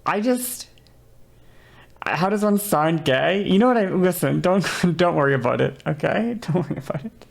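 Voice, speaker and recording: A woman's voice: lowish voice, animated, moderate pace, gravelly. A woman streamer chatting casually and rambling, laughing often and correcting herself mid-sentence. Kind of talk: casual livestream chat.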